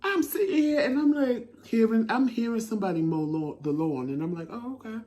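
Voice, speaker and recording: A middle-aged man telling stories in a casual chat as a talk show co-host, lively and laughing, acting out what he said. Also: very high-pitched, brisk. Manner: animated, laughing storyteller who acts out his own quotes. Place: home living room.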